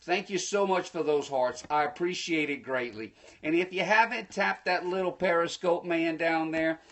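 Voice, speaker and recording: Guy preaching motivation on a phone livestream, folksy, talks right at you, gets loud and excited. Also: on the high side, moderate pace. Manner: energetic, preachy, bursts into excited shouts; folksy, addresses viewers directly. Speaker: motivational speaker hosting a livestream. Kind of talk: live-streamed motivational talk.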